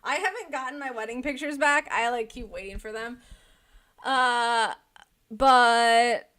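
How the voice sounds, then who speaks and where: A woman's voice: fairly high pitch, measured pace. A young woman co-hosting a podcast, chatting casually and telling stories with lots of "like" fillers. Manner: chatty, many "like" fillers, lively storytelling. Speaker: podcast co-host. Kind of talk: casual chat.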